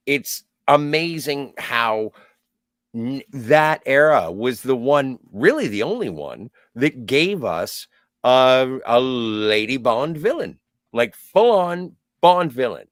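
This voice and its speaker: Enthusiastic man co-host, lively pitch. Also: no echo, studio quality. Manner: enthusiastic, quick to exclaim praise. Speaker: podcast co-host. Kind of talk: casual chat about a film.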